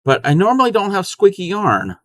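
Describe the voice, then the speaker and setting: Man, casual crochet live-stream chat, bright voice, dry close sound. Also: high voice, wildly swooping pitch, fairly quick, no echo. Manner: chatty, counts stitches under his breath.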